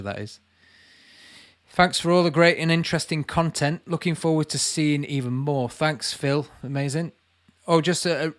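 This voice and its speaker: A man in his late thirties with a Lancashire accent, chatting casually on a livestream, reading viewer comments aloud and calling people mate. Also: a little high. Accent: Lancashire English. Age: late 30s. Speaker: channel host answering live chat.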